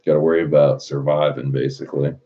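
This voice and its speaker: A man's voice: a bass voice, flat delivery, quick pace, a little hiss or hum. A man reading out viewer chat and chatting casually, with a laid-back, profane manner and frequent laughs. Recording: muffled lo-fi recording.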